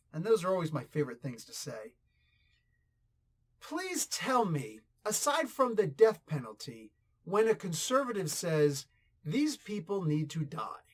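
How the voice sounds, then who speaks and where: A man's voice: a little high, breathy edge. A man hosting a casual comic book review, ranting in a blunt, crude and mocking way with bursts of laughter.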